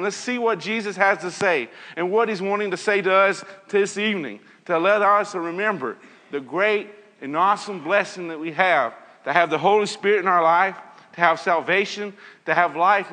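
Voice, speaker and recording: Man, Bible teacher, high bright voice, earnest, hall reverb. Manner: earnest, repeats phrases, reads scripture aloud. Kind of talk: evening Bible lesson.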